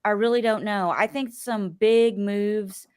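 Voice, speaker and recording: A woman's voice: medium pitch, steady tone, a little slow, clean tone, no room sound, studio quality. Chatty woman podcast host. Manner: rambling and chatty, with many fillers. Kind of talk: casual chat.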